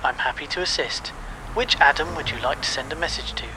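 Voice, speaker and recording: A man's voice: fairly high pitch, brisk, noisy background, natural voice. A man voicing a polite male phone voice assistant who keeps mishearing, in a comedy sketch. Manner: polite, flat and even like a machine.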